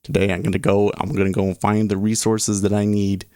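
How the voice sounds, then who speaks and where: A man's voice: fairly low pitch, level tone, a little fast, warm tone, clean tone, no room sound, clean studio sound. A man hosting a casual livestream, rambling and cutting himself off as he talks. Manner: rambling, self-interrupting. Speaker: livestream host.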